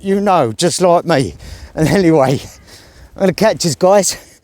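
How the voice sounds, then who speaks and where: A man's voice: a little high, animated, unhurried, long pauses, a little mellow. A man chatting casually and rambling in slang while filming himself on an outdoor country walk. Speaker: vlogger. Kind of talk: casual outdoor vlog chat.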